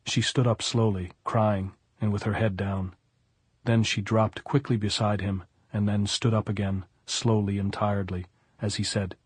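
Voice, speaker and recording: A man with a fairly low, slightly breathy voice narrates an audiobook in a measured, even storytelling style. There's no echo.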